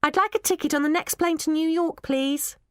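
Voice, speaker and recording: A woman's voice: high-pitched, a little fast, no room sound, studio quality, voice pushed up, lightly acted. A woman voicing a plucky, scheming ten-year-old orphan girl with a bold, coaxing manner. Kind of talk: audiobook character voice.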